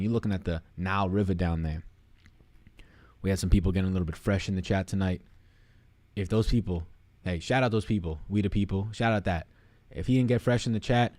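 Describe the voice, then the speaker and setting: A man's voice: low voice, a little mellow. A young man hosting a sports betting livestream, signing off in a rambling, profane, joking way and out of breath. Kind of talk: casual livestream sign-off chat.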